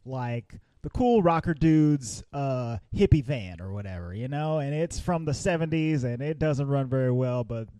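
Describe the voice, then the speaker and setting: Lively, animated man on a movie podcast. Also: mid-range voice, moderate pace, hardly any pauses, no room sound. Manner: animated scene retelling with repeated words. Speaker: podcast co-host. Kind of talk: casual movie discussion.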